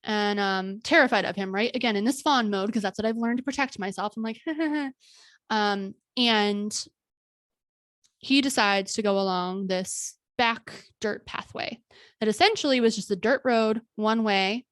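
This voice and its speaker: A woman podcast host telling her own story in an earnest, candid monologue, halting often with fillers and restarts. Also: medium pitch, a bit bright, dry recording, clean studio sound.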